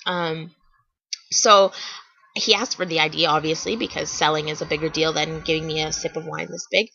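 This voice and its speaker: A woman's voice: sits low, fairly even intonation, normal speed, vocal fry, pushed and bright, slightly rough, no room sound, highs cut off. A young woman telling funny stories to camera in a chatty vlog, with lots of fillers and restarts. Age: young adult. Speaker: vlogger. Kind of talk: casual storytelling to camera.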